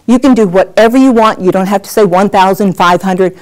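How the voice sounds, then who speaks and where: A middle-aged woman teaching a workshop on presenting on camera, animated and acting out examples as she talks. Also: mid-range voice, brisk. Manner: lively, animated, acts out examples. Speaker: on-camera skills coach. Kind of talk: workshop lesson.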